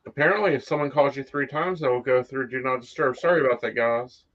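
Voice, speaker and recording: A man's voice: medium pitch, quick pace, fairly bright tone, muffled recording. A man co-hosting a casual chat about psychic life, blunt and free with swear words. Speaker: psychic co-host.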